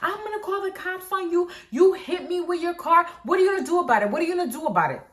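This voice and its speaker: A woman voicing a furious female pedestrian who shouts the same accusations over and over in a shrill voice. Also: animated, fast. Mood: shrill accusing. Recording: echoey room.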